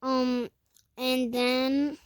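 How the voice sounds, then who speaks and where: A woman's voice: sits high, flat delivery, extremely slow, clear, resonant tone, dry recording. Rambling storytime vlogger woman. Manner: rambling, self-correcting, many fillers. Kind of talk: storytime vlog.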